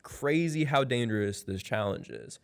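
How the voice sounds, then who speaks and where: Lively man on a podcast. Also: medium pitch, normal speed, vocal fry, smooth. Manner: animated, laughs easily. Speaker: podcast co-host. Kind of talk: casual podcast chat.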